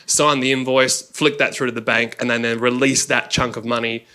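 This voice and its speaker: A man's voice: medium pitch, little pitch movement, normal speed, pushed and bright, a little hiss or hum. A man with an Australian accent, a mortgage broker, explaining loans plainly and in a friendly way at a live Q&A.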